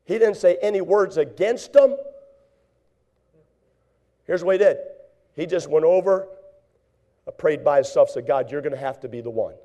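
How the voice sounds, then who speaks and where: Male preacher, high and mellow, animated sermon delivery with loud acted-out voices and hushed asides. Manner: reads scripture in slow drawn-out tones.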